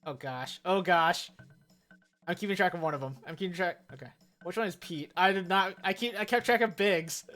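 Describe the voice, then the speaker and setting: A woman's voice: fairly low pitch, moderate pace, fairly bright tone, faint music behind. A woman casually commenting as she plays a video game on a live stream, chatty and joking. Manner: chatty and joking, reacts with laughs and asides.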